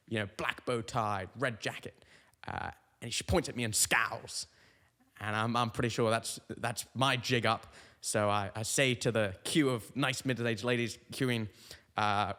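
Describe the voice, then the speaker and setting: Rambling young comedian, reverberant room. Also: male voice, mid-range voice, fairly bright tone. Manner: rambling, tangent-prone storytelling. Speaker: comedian host. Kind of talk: comic podcast monologue.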